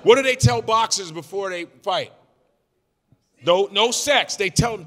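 A man doing improvised stand-up comedy, loud and animated, swearing and shouting his punchlines. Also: sits high, a little slow, long pauses, big-room sound.

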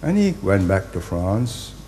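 A man, giving a public speech in deliberate, halting phrases and hitting key words hard. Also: low voice, sing-song, warm tone, a little hiss or hum. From Singapore. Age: 80s. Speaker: invited speaker.

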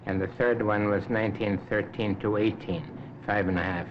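A man in his seventies from Canada, answering interview questions in a measured, unhurried way with frequent hesitations. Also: lowish voice, fairly even intonation. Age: 70s. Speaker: interview guest, Arctic explorer. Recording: dull lo-fi 1950s recording with clear hiss.

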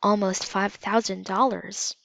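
A woman's voice: mid-range voice, flat delivery, measured pace, vocal fry, fairly bright tone. A woman reading the lines of an upset grown man who talks shakily when distressed. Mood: worried. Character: upset adult man, museum planner. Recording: slightly dull lo-fi recording.

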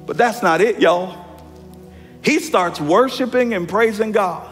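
A man in his thirties preaching a lively sermon as pastor, often calling the congregation y'all. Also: high voice, unhurried, faint music behind. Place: church sanctuary. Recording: hall reverb from church sanctuary.

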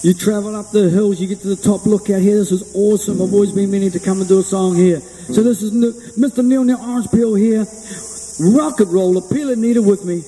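A man's voice: sits high, mellow, big-room sound, poor audio. A man from New Zealand with a New Zealand accent, chatting to camera in an upbeat, rambling, jokey way from an outdoor hilltop lookout. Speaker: singer-songwriter vlogger. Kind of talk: casual chat to camera.

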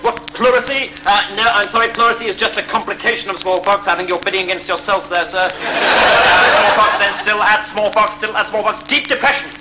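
Guy playing a doctor auctioning off a hospital bed, quick auctioneer patter, highish voice, hissy old tv sketch. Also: fairly even intonation, lightly acted. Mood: brisk. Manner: rattles off bids like an auctioneer. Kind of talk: sketch comedy acting. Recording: noisy old TV sketch recording.

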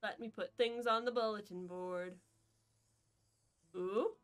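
A woman's voice: medium pitch, steady tone, slow, clean tone, soft background music. A woman streaming a video game, chatting casually and playfully with her viewers in a jokey, rambling way. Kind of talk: casual gameplay chat.

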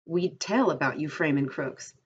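A woman reading aloud, voicing an old ranch hand who speaks in a plain, quiet way, in a dull lo-fi recording. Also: low-pitched, lively intonation, moderate pace, slightly rough, full character voice. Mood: worried. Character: old one-handed ranch swamper, man.

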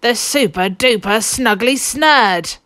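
A woman's voice: a little high, slow pace, fairly bright tone, dry recording, studio quality, voice pushed up. A woman reading aloud, voicing a greedy man thief in a storybook with a drawling, complaining voice. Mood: grumbling.

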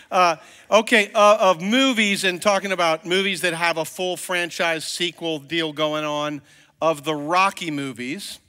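A man's voice: a little high, pushed and bright. A male pastor preaching a sermon in a casual, joking, conversational way from a church sanctuary. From Virginia, US. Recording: long reverb of a church hall.

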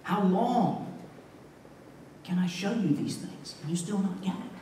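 A man playing a grave teacher, quiet, slow, solemn, echoey hall. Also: high-pitched, a little hiss or hum. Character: grave sorrowful man rebuking gently. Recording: echoey church hall, mic far off.

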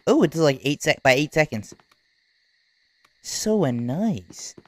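A gaming YouTuber giving unedited play-by-play commentary, talking in casual slang and reacting loudly to what happens on screen. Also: medium pitch, slow pace, dry recording. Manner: excitable, reacts loudly to game events; casual slang-filled chatter. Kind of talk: unedited live gameplay commentary.

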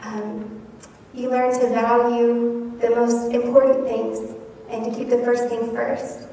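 A woman's voice: a little high, flat delivery, slow, dark tone. A woman youth pastor giving an earnest, emotional farewell address to graduating youth in a church hall. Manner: earnest, emotional, laughs between lines. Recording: echoey hall from far off, faint noise.

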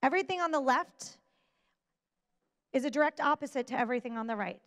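A woman delivers a motivational talk on stage, her high voice animated and a bit bright. Her emphatic, deliberate delivery uses pauses to let key points land, and every phrase carries a long reverb like a large hall.

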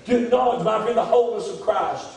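A man preaches a revival sermon in a church, his high voice rising and falling as he leans on "my friend" again and again. The sound carries a strong, roomy echo from the hall. The mic sits well away from him. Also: fast, creaky, darkish tone, distant mic. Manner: preaching, repeats "my friend" often. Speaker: pastor. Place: church sanctuary. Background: congregation amens.

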